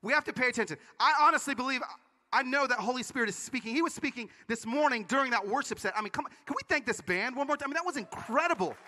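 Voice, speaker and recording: Male conference preacher, high bright voice, animated storyteller, hall reverb. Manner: animated storytelling with quick asides. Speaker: conference speaker. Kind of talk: energetic sermon talk.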